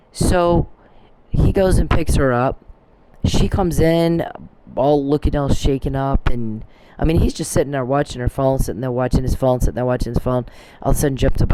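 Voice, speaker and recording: A man delivers a rambling, profane monologue, calling people out by name. His voice sits dark and mellow at a middle pitch. He drifts into retelling conversations with quoted lines. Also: normal speed, slight background noise. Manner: profane, accusatory, addresses people directly; storytelling with quoted back-and-forth. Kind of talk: rambling recorded rant.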